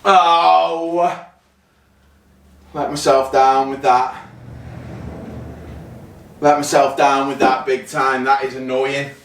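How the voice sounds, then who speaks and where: A golf vlogger chats his way through a home practice session, flipping between self-criticism and excited bursts of cheering as he hits shots. His voice sits at an ordinary middle pitch, and he speaks slowly with long pauses. At times he sounds a bit out of breath between swings, and there's slight background noise.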